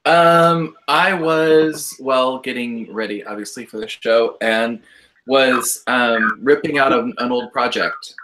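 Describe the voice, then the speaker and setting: A hesitant man speaking haltingly in a casual live-stream chat over a video call. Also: mid-range voice, sharp tone, a little hiss or hum. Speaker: show regular. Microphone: computer mic on a video call.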